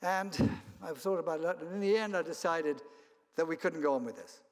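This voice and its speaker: A man's voice: on the high side, moderate pace. A man from Kenya and South Africa, a travel company founder, giving a rambling anecdotal keynote at an event. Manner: rambling storyteller with restarts and chuckles. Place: event hall. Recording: long hall reverb.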